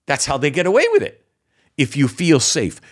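A man's voice: a little high, big pitch swings, moderate pace. A man hosting an opinion commentary show, sarcastic and exasperated, mocking what he reads out with scoffing laughs. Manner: indignant, exasperated. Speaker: political commentary host.

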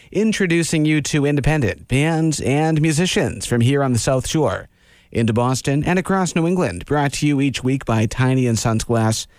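An easygoing male radio host reading station plugs and introducing his guests. His voice is medium in pitch and sounds close and dry. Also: darkish tone, dry recording. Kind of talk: radio interview and station announcements. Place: small radio studio.

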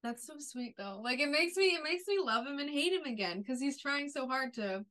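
A woman's voice: high voice, lively intonation, moderate pace, a bit bright. A woman co-hosting a podcast, chatting casually and gushing about a TV episode, with many "like" fillers. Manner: emotional, gushing, frequent "like" fillers. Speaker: podcast co-host. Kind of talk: casual TV recap chat.

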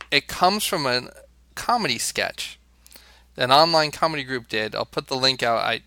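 On a dry recording, an American man with a medium-pitched, pushed and bright voice co-hosts a podcast. The talk is casual and rambling, and he keeps restarting and using fillers.

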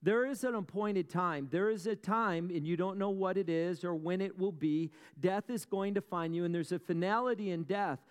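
Preacher with wry asides in a reverberant hall. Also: male voice, sits high, clear, resonant tone. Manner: storytelling with dramatic pauses and rhetorical questions. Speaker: pastor. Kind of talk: sermon.

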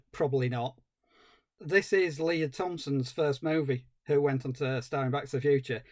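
A man co-hosting a podcast, giving an animated, exasperated film review with dry humour. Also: a little high, no echo. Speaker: podcast co-host. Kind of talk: casual film review chat.

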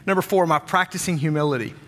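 A man's voice: fairly high pitch, racing, fairly bright tone, a little hiss or hum. A man serving as senior pastor, delivering a sermon with announcements, upbeat and joking with the congregation in a large church auditorium. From Wisconsin. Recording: long hall reverb.

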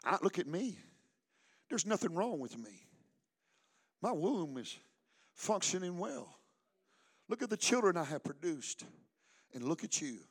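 A man's voice: sits high, sing-song, a little slow, pauses often, voice pushed down, heavily acted. A man preaching a sermon, quoting a boastful wife who mocks her childless rival. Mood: gloating. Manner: mocking, gloating.

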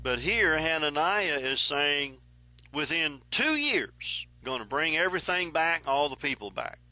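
A man teaching the Bible verse by verse in an unhurried, explanatory way, reading passages aloud and then commenting on them. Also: a little high, animated, pushed and bright, faint music behind.

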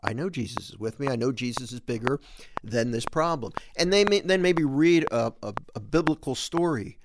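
A male host giving an earnest, animated Catholic talk on scripture, voicing the quoted lines with extra lift. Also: medium pitch, normal speed, background noise.

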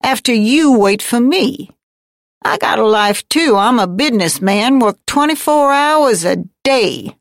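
A woman's voice: a little high, expressive, measured pace, dry recording, clean studio sound, voice pushed up. A woman reading a book aloud, voicing a grumpy, bossy middle-aged man who chides and talks slangy and defiant.

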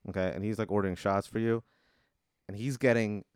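A man with a low voice narrates an absurd hypothetical on a comedy podcast. His delivery is deadpan and laid-back. The recording is dry and close. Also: brisk, clean tone, no room sound. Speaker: co-host posing a hypothetical. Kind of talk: improvised comedy storytelling.

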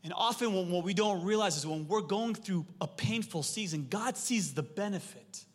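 A man in his thirties preaching a sermon to his congregation, telling stories with lively energy and calling on the crowd to respond. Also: high voice, normal speed. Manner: animated storytelling, calls for audience response. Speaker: pastor. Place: church hall. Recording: long hall reverb.

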